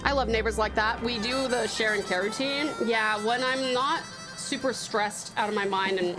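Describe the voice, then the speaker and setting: A woman's voice: fairly high pitch, moderate pace. A young Australian woman from Tasmania streaming a game, chatting casually and giggling, calling her viewers pet names. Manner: bubbly, giggly, greets chat with pet names. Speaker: VTuber streamer. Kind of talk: casual live-stream chat while gaming. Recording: game music playing under the voice.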